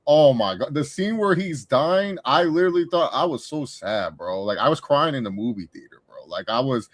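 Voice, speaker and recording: An excitable young man in a loose podcast chat. He talks with quick emotional swings and rambles from story to story. His voice sounds close and dry, with little room around it. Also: medium pitch, no room sound. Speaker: co-host, film reviewer.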